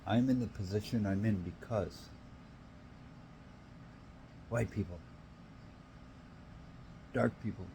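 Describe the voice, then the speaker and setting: Low-voiced guy ranting on his own, swearing, repeating himself, faint hum behind. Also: slow, pauses often. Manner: profane, repetitive, emphatic. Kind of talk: rambling solo rant.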